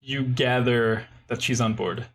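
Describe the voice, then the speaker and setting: A man's voice: medium pitch, steady tone, unhurried. A man narrating as game master of a tabletop game, rambling and full of fillers.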